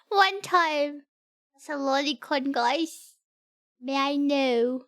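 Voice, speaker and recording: A woman's voice: high voice, extremely slow, long pauses, fairly bright tone, dry recording, studio quality. A woman streamer chatting casually and playfully during a reaction stream, giggling and talking to her cat. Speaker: VTuber streamer reacting to a video.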